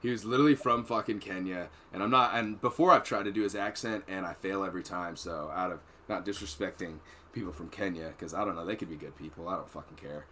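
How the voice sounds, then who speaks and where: A man's voice: low voice, quick pace, slight background noise. A man and former Marine telling profane, rambling war stories in a casual podcast chat. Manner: profane, rambling, animated storytelling. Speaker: podcast host.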